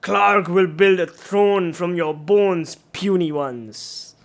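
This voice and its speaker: Man doing a shouting bugbear brute. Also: high-pitched, takes it slowly, gravelly, full character voice. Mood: threatening. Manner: loud shouted threats. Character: big brutish bugbear chief, boastful and menacing.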